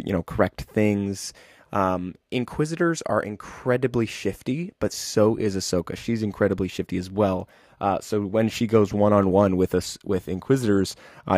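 Man, lowish voice, dry close sound, rambling casual recap, lots of fillers, eager fan, occasional cough. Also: darkish tone, no room sound. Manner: rambling, many fillers and restarts; enthusiastic fan. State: keeps coughing. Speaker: show recap host. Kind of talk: casual unscripted breakdown.

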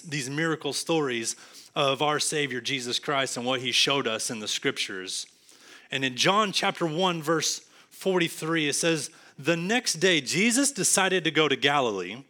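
Bright-voiced Texan pastor preaching. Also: male voice, fairly high pitch, normal speed. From Texas. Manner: earnest preaching, swings from emphatic to hushed. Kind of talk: sermon.

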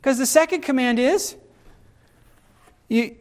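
A middle-aged man preaching in an animated, conversational way and often turning to his listeners with asides. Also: extremely high pitch, measured pace, pauses often. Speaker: pastor. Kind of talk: sermon.

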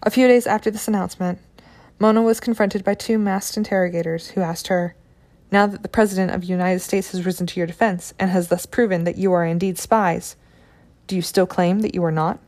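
A woman reading a scripted documentary narration in a measured, sober way, including quoted testimony. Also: fairly low pitch, fairly even intonation, a little mellow.

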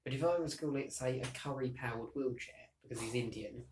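A man's voice: medium pitch, quick pace, a little mellow, a little hiss or hum. A young man from London chatting casually with a friend, opinionated and wry, often restarting his sentences. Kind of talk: casual chat between friends.

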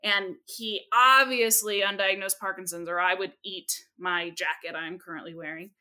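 A young adult woman, a speech therapist, telling stories in an animated, expressive way as a podcast guest. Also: medium pitch, normal speed. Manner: animated, expressive, jumps into quoted voices. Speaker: speech-language pathologist guest. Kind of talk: lively storytelling in a podcast interview.

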